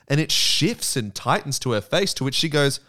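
Wry man recapping an episode. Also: normal speed. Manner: wry, deadpan asides, drops lower for quoted lines. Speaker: podcast co-host. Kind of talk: casual chat recapping a TV episode.

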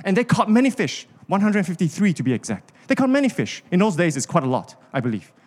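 A man's voice: sits high, big pitch swings, quick pace, a little mellow. A man, preaching a sermon with an impassioned, repetitive cadence. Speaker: pastor.

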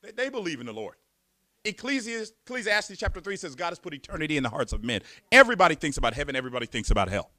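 A male preacher delivers an emphatic sermon in a high, bright voice that swings widely up and down. He repeats words as he builds momentum and fires off rhetorical questions. The sound is dry and close. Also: sing-song, rapid-fire, no room sound.

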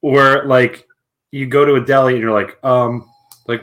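A man's voice: mid-range voice, steady tone, measured pace, fairly bright tone. A man co-hosting a casual podcast chat, jokey and giggly, cracking stupid jokes. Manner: jokey, giggly, self-deprecating. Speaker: podcast co-host.

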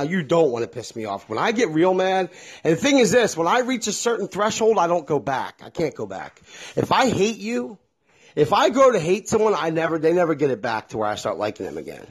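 A middle-aged man talks straight into his own podcast, blunt and profane. His voice sits a little high and swings widely in pitch. The tone is husky and rough. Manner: blunt and profane, with a lot of feeling. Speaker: podcast host. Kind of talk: candid solo podcast monologue.

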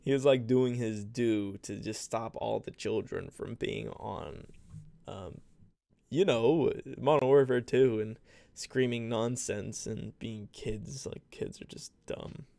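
Gravelly young man rambling on a podcast. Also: mid-range voice, fairly even intonation, slow pace, warm tone, no echo. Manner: rambling, self-deprecating, laughs often. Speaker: podcast host and streamer. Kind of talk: casual solo podcast chat.

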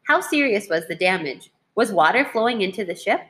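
A woman teacher reading a children's history book aloud in a clear, measured way. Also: medium pitch, lively intonation, fairly bright tone.

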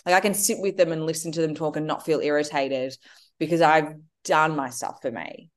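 A woman's voice: deep voice, fairly even intonation, fairly quick. A woman, chatting as a guest and animatedly acting out her children's voices. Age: 30s. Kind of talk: casual conversation.

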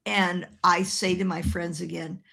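A woman minister telling an animated personal story in a sermon, laughing as she talks. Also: lowish voice, unhurried, creaky, husky.

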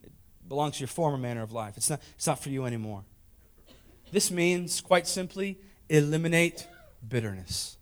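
High-voiced preacher swinging loud to hushed. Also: male voice, animated, moderate pace. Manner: swings from loud shouting to hushed, intimate delivery; emphatic, repeats lines for emphasis. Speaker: pastor. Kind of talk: sermon.

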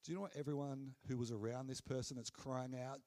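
A man preaching a sermon in an earnest, conversational way, dropping low and soft on key phrases. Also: quick pace, few pauses.

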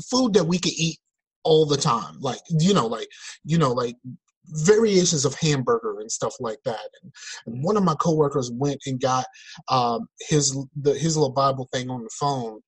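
A man co-hosting a podcast in casual chat, talking in animated, exasperated rants over a remote call. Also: fairly high pitch, husky, low-quality recording. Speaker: podcast co-host. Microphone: remote call mic.

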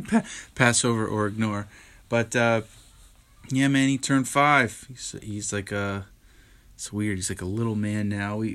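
A man's voice: fairly low pitch, fairly bright tone. A young man hosting his own podcast, chatting casually and candidly about his week, tired and yawning, rambling with lots of fillers and restarts. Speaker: podcast host. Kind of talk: casual solo podcast chat.

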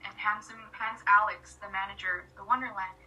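A woman telling a story in casual chat, excited and rambling with many fillers and dropping to whispers for effect. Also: medium pitch, a little fast, distant mic, low-quality recording. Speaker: storyteller recounting a fan meeting.

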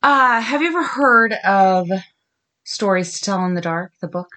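Podcast host mom in her thirties, reads spooky tales aloud, giggly, drawn-out groans, very animated pitch. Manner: lively, giggly, groans the ghost's lines slowly. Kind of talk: reading scary stories aloud to her daughter.

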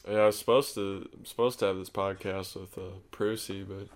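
A man's voice: sits low, steady tone, brisk. A young man chatting easily as a podcast guest, saying "dude" a lot. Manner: easygoing, says "dude" a lot. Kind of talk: casual chat.

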